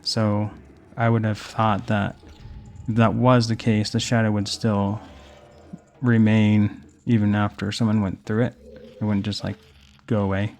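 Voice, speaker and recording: A young adult man hosts casual let's play commentary, rambling through personal stories while playing a video game with game music underneath. His voice is lowish and darkish, delivered flatly and unhurriedly.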